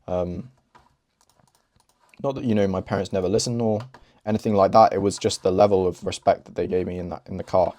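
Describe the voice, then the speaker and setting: A man's voice: low voice, fairly even intonation, fairly quick, pauses often, dark tone. A young man hosting, chatting casually over gameplay in a rambling, laughing way. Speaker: host.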